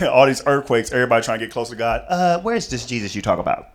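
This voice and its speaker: Animated male stand-up comic. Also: fast. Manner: animated, jumps into loud high-pitched voices for characters. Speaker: stand-up comedian. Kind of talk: stand-up comedy set. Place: comedy club stage.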